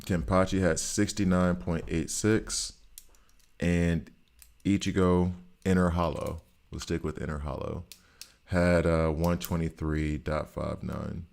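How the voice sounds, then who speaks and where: A man's voice: low-pitched, level tone, slow pace, gravelly, a little mellow. A man casually chatting with his viewers as he plays a game on stream, thinking aloud about stats and choices. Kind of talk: casual live-stream commentary while playing.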